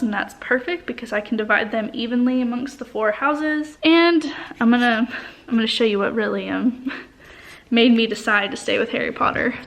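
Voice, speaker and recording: A young woman, a high school art teacher, chatting casually to the camera in a classroom, rambling with lots of fillers. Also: fairly bright tone. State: out of breath at times. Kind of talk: casual vlog talk to camera. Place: empty school classroom indoors.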